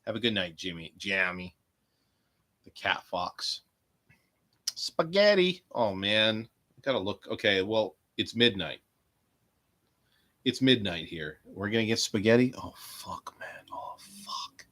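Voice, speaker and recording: A man's voice: lowish voice, expressive, unhurried, long pauses, fairly bright tone, no echo. A man hosting a rambling solo podcast from home, profane and jokey, muttering asides to himself. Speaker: podcast host.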